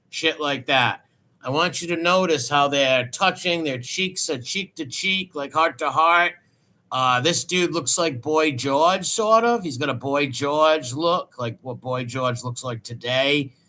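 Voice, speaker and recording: A man's voice: fairly high pitch, sharp tone. A man hosting a crude, sarcastic commentary show, mocking clips he plays. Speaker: host.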